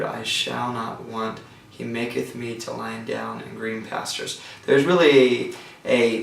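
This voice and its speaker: A man teaching a songwriting lecture, talking thoughtfully with pauses and restarts, recorded from a distance from the mic. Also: medium pitch, fairly bright tone. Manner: thoughtful, with pauses and restarts, breaks into sung examples. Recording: roomy sound from a distance from the mic.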